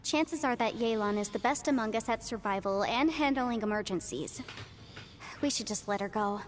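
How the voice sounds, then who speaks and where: Calm formal lawyer lady, a woman voicing her, bit high, faint hiss. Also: natural voice. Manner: measured, formal. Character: composed, apologetic female legal adviser.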